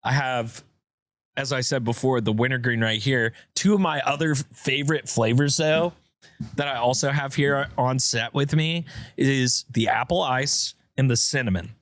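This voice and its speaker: A man's voice: mid-range voice, fairly even intonation, moderate pace, fairly bright tone, dry recording. A man hosting a podcast, talking in a laid-back, rambling way and reading an ad. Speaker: podcast host. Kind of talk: casual chat with an ad read.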